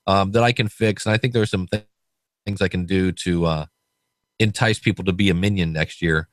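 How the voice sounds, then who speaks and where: A man's voice: deep voice, fairly even intonation, fairly quick, dry recording. A man hosting a podcast, chatting casually and telling stories with quoted voices. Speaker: podcast host.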